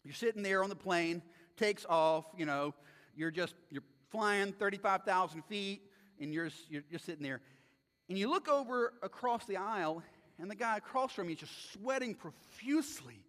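A man's voice: high-pitched, expressive, normal speed, fairly bright tone. Male pastor, emphatic and conversational, preaching in an echoing church with long reverb. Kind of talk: sermon. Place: church sanctuary.

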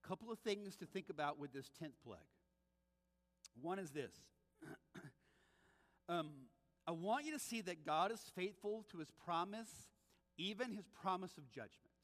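A man's voice: high voice, lively intonation, unhurried, pauses often, fairly bright tone. A man preaching a sermon as pastor, telling the story with animation and acting out the voices he quotes. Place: church sanctuary. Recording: long church reverb.

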